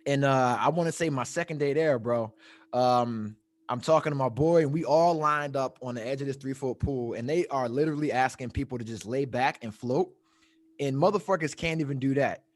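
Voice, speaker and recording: A man telling a long story in casual chat, animated and profane, often laughing at his own tale. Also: medium pitch, moderate pace. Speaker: podcast storyteller.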